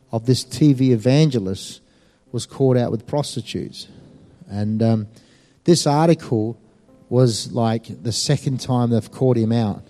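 Man, testimony storytelling, mellow tone, faint music behind. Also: mid-range voice. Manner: animated and emphatic, with many fillers. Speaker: speaker giving a personal testimony.

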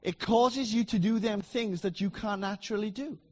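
A middle-aged man preaching a sermon in a church, emphatic and repetitive, swinging between loud declarations and soft asides. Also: high-pitched, moderate pace.

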